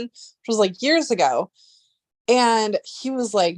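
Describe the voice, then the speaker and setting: A young woman chatting casually on a livestream, rambling and excitable, swearing freely. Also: medium pitch, unhurried, no room sound, studio quality. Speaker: livestream host.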